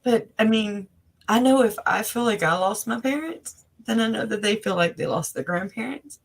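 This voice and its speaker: A woman's voice: a little high, normal speed, rough recording. A woman speaking as an interview guest on a video call, rambling and earnest, with many fillers and restarts. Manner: emotional, earnest. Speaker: interview guest, family member of the victims. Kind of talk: casual conversational interview.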